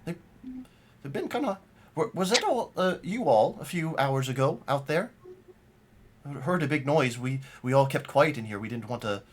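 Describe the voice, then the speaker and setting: A man's voice: medium pitch, animated, moderate pace, slight background noise, lightly acted. A man doing a stammering old gnome. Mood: hesitant. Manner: stammering, hesitant, apologetic. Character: old polite male gnome prisoner.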